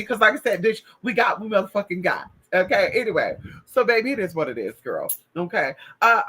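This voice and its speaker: A woman's voice: medium pitch, sharp tone, breathy edge, rough recording. A woman telling a spiritual story in casual talk, sassy and full of profanity. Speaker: spiritual practitioner.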